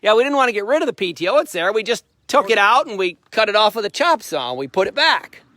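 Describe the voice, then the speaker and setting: High-voiced folksy middle-aged man. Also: big pitch swings, quick pace, sharp tone, no room sound. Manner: folksy, rambling, plain-spoken. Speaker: host, tractor dealer. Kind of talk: casual walkaround storytelling.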